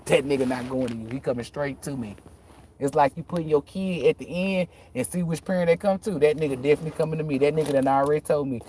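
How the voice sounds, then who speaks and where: A woman who reads tarot talks casually and bluntly to her viewers, swearing often and telling animated stories. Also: deep voice, fast talker, slight background noise. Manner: profane, emphatic, animated storytelling; slangy and blunt. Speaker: tarot reader.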